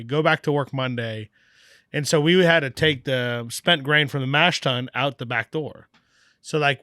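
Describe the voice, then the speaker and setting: A man tells a story in a relaxed podcast chat, jumping into other people's voices as he goes. His voice sits mid-range for a man, and the sound is dry and close, with no room around it. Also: medium pitch, dry recording. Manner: animated, acts out quoted dialogue, swears casually. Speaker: podcast guest, brewery owner. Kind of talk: casual storytelling.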